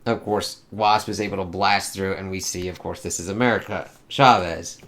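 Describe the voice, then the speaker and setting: A man with a lowish voice talks through a comic book in a loose, unscripted way. He swears freely and keeps reaching for fillers as he goes. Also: fairly even intonation, normal speed, a bit bright, slight background noise. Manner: rambling, profane, many fillers. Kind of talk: casual spoken review.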